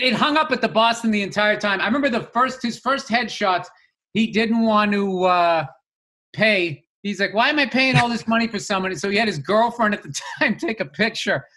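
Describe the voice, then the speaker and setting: High, bright-voiced man in casual chat. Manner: rambling, self-deprecating, full of restarts and fillers. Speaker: comedian and podcast co-host.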